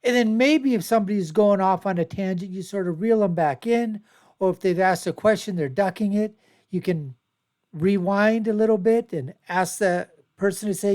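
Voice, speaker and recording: A man's voice: sits high, normal speed, darkish tone. A man hosting his own show, giving rambling, repetitive, emphatic commentary on video clips. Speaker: show host.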